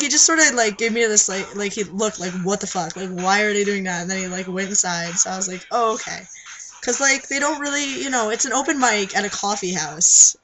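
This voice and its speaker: Bright-voiced young man, rambling vlog chat. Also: high voice, slight background noise, poor audio. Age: young adult. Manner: rambling, lots of fillers and restarts. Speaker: vlogger. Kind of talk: casual confessional vlog chat.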